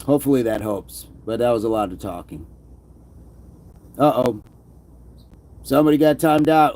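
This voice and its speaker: A man's voice: mid-range voice, moderate pace, dark tone. A middle-aged man hosting a casual livestream, reading chat comments and joking, now and then slipping into a mock movie-gangster voice. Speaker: livestream host.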